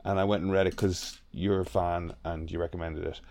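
A man's voice: low-pitched, flat delivery, fairly quick, a little mellow. A man with an Irish accent co-hosting a podcast, telling nostalgic stories and swearing casually. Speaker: podcast co-host. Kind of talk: casual chat.

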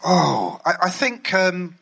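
A man's voice: sits high, huge pitch swings, slow pace, creaky, fairly bright tone, breathy edge. A man, a music journalist and ghostwriter, telling rambling, amused anecdotes. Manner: rambling, amused, many fillers and restarts. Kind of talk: anecdotal storytelling.

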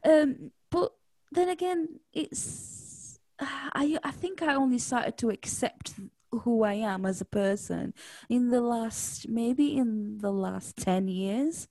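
A woman's voice: fairly high pitch, lively intonation, slow pace, darkish tone, dry recording. A woman from Portugal whose Portuguese accent carries a light Yorkshire tinge, chatting reflectively with friends and full of fillers and restarts. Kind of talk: casual chat.

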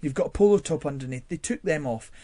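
Speaking fast in a higher voice, this young man is a guest in a studio interview, captured on a studio mic with no room sound. His personal stories come out expressive and peppered with fillers and laughs.

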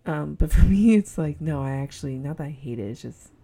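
A woman's voice: deep voice, lively intonation, fairly quick, dark tone, slightly rough. A woman with a Southern Californian accent, hosting a casual solo podcast at home and rambling giggly with lots of fillers; she says her voice sounds snobby. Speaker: podcast host. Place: indoors at home with a heater on.

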